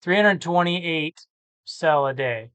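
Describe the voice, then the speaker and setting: A tired man who talks casually and thinks out loud, rambling and correcting himself as he works through reseller listings. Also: fairly high pitch, expressive, slow, clear, resonant tone, no echo. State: tired, yawning. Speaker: eBay reseller vlogger. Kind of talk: casual screen-share commentary.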